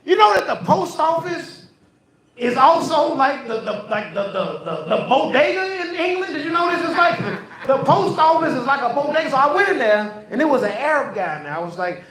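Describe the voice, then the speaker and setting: A man's voice: extremely high pitch, very animated, moderate pace, fairly bright tone. Man, stand-up comic, loose profane storytelling, stage mic, roomy echo. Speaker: stand-up comedian. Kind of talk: stand-up routine. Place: comedy club stage. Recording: echoey live venue.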